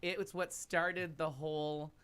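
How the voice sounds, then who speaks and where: A man's voice: fairly high pitch, little pitch movement, unhurried, fairly bright tone, clean tone. A man on a talk show telling a long travel story in a casual, rambling way with lots of asides. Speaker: podcast cast member telling a travel story. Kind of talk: casual chat.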